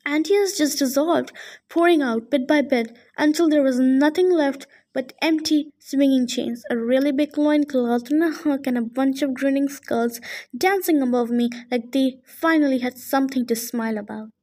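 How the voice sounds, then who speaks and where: High-voiced woman reading a story aloud. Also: normal speed, darkish tone. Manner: casual, adds joking asides. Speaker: audiobook reader. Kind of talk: first-person story narration.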